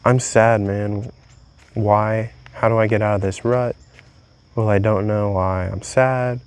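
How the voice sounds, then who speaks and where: A man's voice: on the low side, little pitch movement, slow, smooth. A young man vlogging a candid, rambling confessional monologue, swearing freely as he talks.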